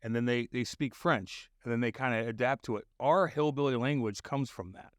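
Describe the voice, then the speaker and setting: A man's voice: medium pitch, fairly even intonation, moderate pace, no room sound. Man, rural Missouri accent, podcast co-host, blunt and profane, dry sound. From Missouri, USA. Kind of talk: casual chat.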